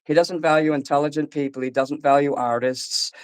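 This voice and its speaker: Angry guy ranting and cussing, kinda high voice, keeps going over the other guy. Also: fairly even intonation, fairly quick, smooth, rough recording. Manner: angry, profane, repeats himself, talks over the other speaker. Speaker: artist ranting on a call-in show. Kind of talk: agitated rambling rant.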